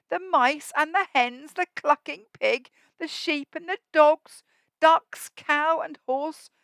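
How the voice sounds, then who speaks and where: A woman teacher reading a rhyming picture book to young children at a school assembly, expressive and asking them questions so they join in. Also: high voice, no room sound. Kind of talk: storybook read-aloud for young children.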